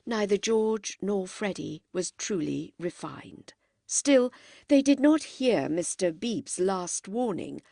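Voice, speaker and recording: A woman narrating a novel with an expressive, unhurried delivery. Her pitch rises and falls widely, and the close microphone gives a dry sound with no room around it. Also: gravelly, no room sound. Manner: expressive, animated reading. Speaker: audiobook narrator. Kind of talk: scripted audiobook narration.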